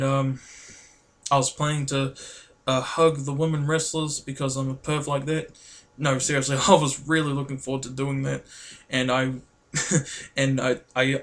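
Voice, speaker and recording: A man, vlogging in a casual, rambling and excitable way, full of fillers. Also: mid-range voice. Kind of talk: casual chat to camera.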